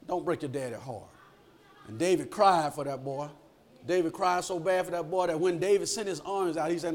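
A man preaching a sermon in an animated call-and-response style, acting out the voices in the stories he tells. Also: on the high side, fast talker.

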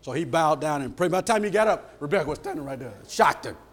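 A middle-aged man preaches in a high voice. His pitch leaps and swings widely as he builds toward shouted peaks. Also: quick pace. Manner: animated, shouts at peaks and acts out quoted voices. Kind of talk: sermon.

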